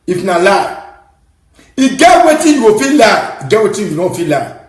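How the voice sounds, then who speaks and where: A Nigerian man giving impassioned, scolding commentary, bursting into shouts and preaching at his listeners. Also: sits high, sing-song, normal speed, echoey room, poor audio. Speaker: online commentator.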